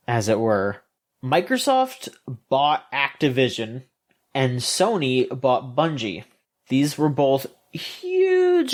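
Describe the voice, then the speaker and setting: A man co-hosting a video game podcast, ranting in opinionated casual chat with frequent restarts, fillers and swearing. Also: medium pitch. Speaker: podcast co-host.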